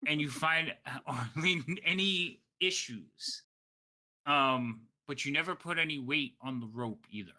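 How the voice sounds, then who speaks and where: Man, game master, very bright voice, rambling, self-correcting, tired late-night narration. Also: fairly high pitch, a little slow.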